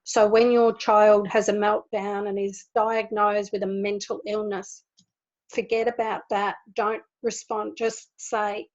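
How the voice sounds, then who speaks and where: Woman, spiritual teacher, steady flat delivery, soft repetitions, dull video-call sound. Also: medium pitch, unhurried. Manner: gentle, repeats words for emphasis. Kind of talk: spiritual talk to an online group.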